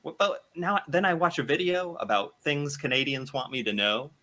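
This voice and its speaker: A man's voice: on the high side, lively intonation, normal speed, pushed and bright. An American man casually reacting to a video, thinking aloud and laughing often. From United States.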